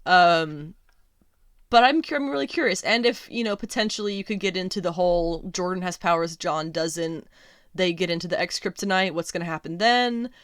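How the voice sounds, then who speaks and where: Brief: female podcast host, lower voice, dry close sound, chatty and emphatic, full of ums and restarts. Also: normal speed, no echo. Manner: rambling, many fillers and restarts; opinionated, emphatic. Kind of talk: casual solo commentary.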